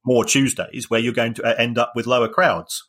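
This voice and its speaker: A man co-hosting a podcast, explaining club finances in a measured way with frequent restarts. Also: medium pitch, little pitch movement, fairly bright tone. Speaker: football finance expert co-host. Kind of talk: casual chat.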